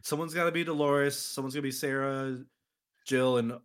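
A man's voice: mid-range voice, steady tone, moderate pace, smooth. A man co-hosting a podcast, riffing and swearing in casual chat. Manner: jokey, swears, riffs. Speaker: podcast co-host.

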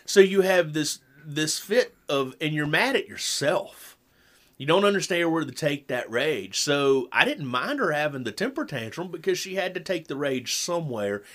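A middle-aged man chatting casually about raising kids, telling stories with lively swings and dropping low for emphasis. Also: moderate pace. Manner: animated storyteller, drops low for emphasis. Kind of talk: casual chat about parenting.

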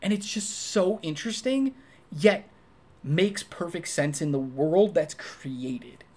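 Animated man reviewing a film casually. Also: slow. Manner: animated, acts out quoted lines in high voices. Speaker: podcast co-host. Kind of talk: casual movie review chat.

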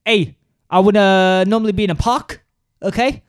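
A man putting on a brash high-voiced suspect. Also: steady tone, moderate pace, smooth, close to an everyday voice. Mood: defiant. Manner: brash, defiant, keeps saying "hey". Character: cocky homeless male suspect who insists the moon is fake. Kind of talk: improvised interrogation role-play.

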